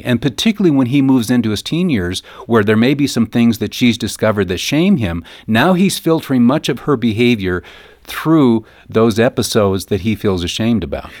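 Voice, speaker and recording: A man's voice: mid-range voice, lively intonation, moderate pace, a little mellow, no room sound, clean studio sound. A man being interviewed about parenting, speaking earnestly and acting out the people in his stories. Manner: earnest, acts out quoted mothers and sons. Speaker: guest author on parenting. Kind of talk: radio interview talk.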